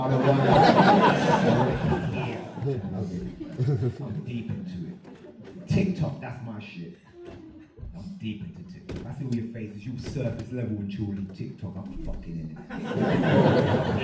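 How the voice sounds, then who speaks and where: A mid-range male voice, far from the mic, delivers a rowdy, crude stand-up routine at a club, frequently breaking into laughter mid-line. The room echoes, the recording is distant, and the live crowd is loud.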